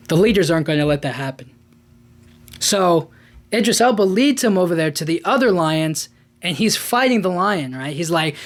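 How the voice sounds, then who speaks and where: A man hosting a podcast, recapping a film in a casual, rambling way with lots of fillers and restarts. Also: on the high side. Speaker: podcast host.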